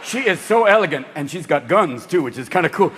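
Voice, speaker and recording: A male stand-up comedian performing a manic, rapid-fire, profane set that keeps jumping into voices, on stage in a large theater. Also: fairly high pitch, sing-song, a little hiss or hum. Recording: echoey hall with loud audience.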